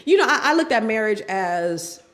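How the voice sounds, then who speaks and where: Animated middle-aged woman telling her story. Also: fairly high pitch, normal speed. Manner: animated, acts out quoted family members. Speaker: podcast guest. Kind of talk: candid personal storytelling.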